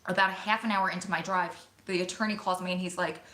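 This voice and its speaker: Bright-voiced woman, excited vlog storytelling. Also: lowish voice. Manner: excited, emotional, talks fast in bursts. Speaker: vlogger. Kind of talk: casual storytelling to camera. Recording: echoey room.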